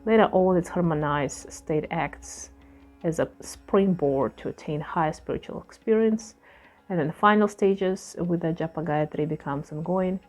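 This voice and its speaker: A woman teaching yoga who reads passages from a scripture and then explains them loosely in her own words, with many pauses and fillers. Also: on the low side, a little mellow, faint music behind.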